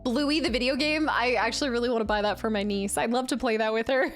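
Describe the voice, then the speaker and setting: A woman's voice: a little high, fast, soft background music. Chatty woman streaming with her chat. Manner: chatty, rambling, easily amused. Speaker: game streamer.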